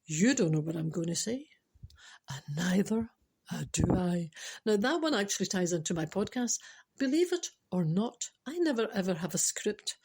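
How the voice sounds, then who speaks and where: A woman's voice: mid-range voice, a little mellow. An older woman with a Scottish accent hosting a podcast, rambling chattily through jokes without a script and laughing at her own punchlines. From Scotland. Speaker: podcast host. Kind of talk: unscripted joke-telling podcast.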